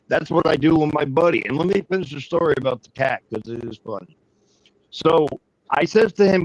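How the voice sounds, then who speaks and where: A man telling a long, profane anecdote in casual chat, rambling and animated. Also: a little high, normal speed, no room sound, low-quality recording. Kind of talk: casual storytelling.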